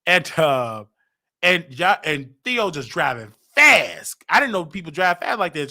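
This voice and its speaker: Chicago man storyteller, bright high-ish voice, acts out quotes. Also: measured pace. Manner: animated, acts out quotes with big pitch jumps. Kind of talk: personal story told casually.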